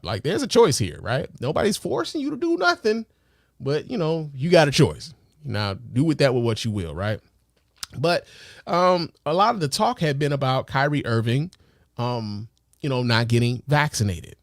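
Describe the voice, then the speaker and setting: A man hosting a casual podcast, talking loosely and with plenty of profanity. His voice sits at a middle pitch, and the recording is dry and close with no room echo. He keeps checking in with the listener through rhetorical questions. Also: very animated, moderate pace, creaky. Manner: loose, profane, heavy with fillers. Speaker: podcast host.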